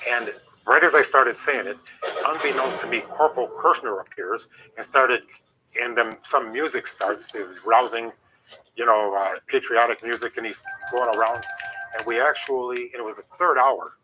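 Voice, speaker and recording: Middle-aged male ex-wrestler, interview guest; animated storyteller, bright, forceful tone. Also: medium pitch, moderate pace, breathy edge, poor audio. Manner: rambling, animated anecdotes with restarts. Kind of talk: casual storytelling.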